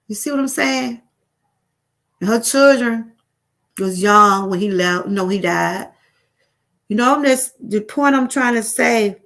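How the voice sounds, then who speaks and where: Speaking at a mid-range pitch with a bit of brightness, a middle-aged Southern US woman chats casually on her live stream. Her talk is rambling and repetitive, and she addresses viewers as y'all.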